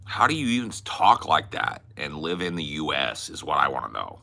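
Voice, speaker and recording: A man's voice: a bass voice, sing-song, moderate pace, vocal fry, sharp tone. A man hosting a casual podcast, talking in a joking, profane way. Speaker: host.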